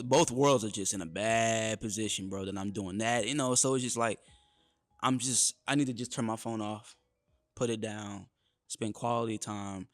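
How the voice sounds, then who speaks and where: A man co-hosting a casual podcast chat, talking in an animated way and often calling his partner "bro". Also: on the low side, no echo. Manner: animated, peppers speech with "bro". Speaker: podcast co-host.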